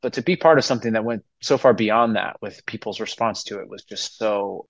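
A man's voice: lowish voice, a little fast, creaky, no echo, muffled recording. Earnest, emotional man in casual interview. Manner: earnest, emotional, rambling with restarts. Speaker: podcast guest, musical theater actor.

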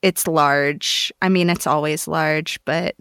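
A young woman from New Mexico co-hosting a podcast in casual chat, relaxed and candid with light laughs. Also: low voice, takes it slowly, clear, resonant tone, no room sound, clean studio sound. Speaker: podcast co-host.

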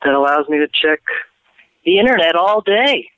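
A man calling in to a show, his voice bright and crisp on a dry line. He talks casually and jokes along in a relaxed way. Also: a little high, moderate pace, no room sound, poor audio. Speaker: caller. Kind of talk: casual phone chat.

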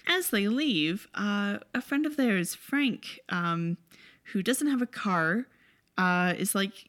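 A woman's voice: mid-range voice, animated, slow, fairly bright tone. A woman casually recapping a movie plot in a wry, chatty, sarcastic way.

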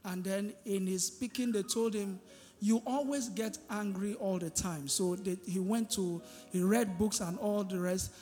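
A man's voice: sits high, fairly even intonation, a little slow, warm tone. A male pastor preaches a sermon, drawing answers from the congregation with repeated questions. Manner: call-and-response preaching, asking the congregation "what?". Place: church hall. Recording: reverberant hall with music behind.

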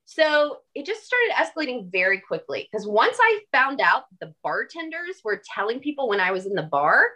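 Lively, bright-voiced woman telling a story. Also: on the high side, normal speed, hardly any pauses. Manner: animated, emphatic, swears. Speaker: podcast guest. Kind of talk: casual storytelling conversation.

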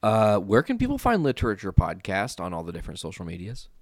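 A man's voice: on the low side, wildly swooping pitch, fast, dry recording, clean studio sound. Joking, profane male podcast host. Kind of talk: casual podcast chat.

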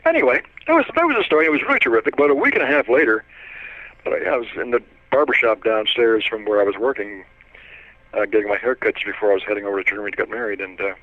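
A man's voice: fairly low pitch, racing, phone-quality sound. Older man telling stories. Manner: chatty anecdotal, with lively quoted voices and chuckles. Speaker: interviewee, retired trade editor. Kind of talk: casual storytelling.

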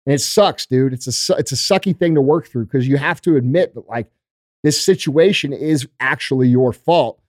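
A man's voice: mid-range voice, normal speed, no room sound, studio quality. A male podcast host giving a blunt, profane motivational talk in a casual, emphatic way.

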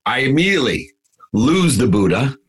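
A middle-aged man giving an emphatic, animated motivational talk as a podcast guest, with sudden jumps in pitch for emphasis. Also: normal speed. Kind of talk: motivational storytelling.

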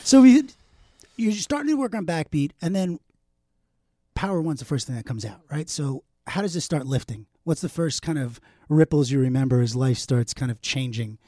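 A man hosting a casual interview, animated and joking, with a lot of swearing. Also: fairly high pitch, normal speed, no room sound, clean studio sound. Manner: animated, profane, jokey. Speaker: podcast host.

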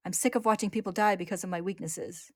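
A woman's voice: medium pitch, fairly even intonation, fast talker, no room sound, studio quality, lightly acted. A woman voicing an earnest, protective young man in armor, speaking urgently with a raised voice.

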